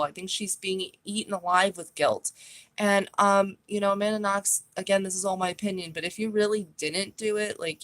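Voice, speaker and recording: A woman's voice: lowish voice, fairly bright tone. A woman vlogging a true crime monologue, blunt and profane, with a scornful, opinionated way of talking.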